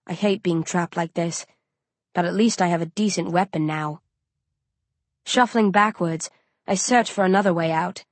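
A woman's voice: on the low side, moderate pace, pauses often, dry recording. A woman reading a tense story aloud in first person, as an audiobook narrator.

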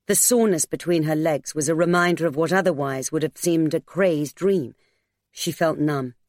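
A woman narrating a novel in a steady, measured storytelling voice. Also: low voice, no room sound, studio quality. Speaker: audiobook narrator.

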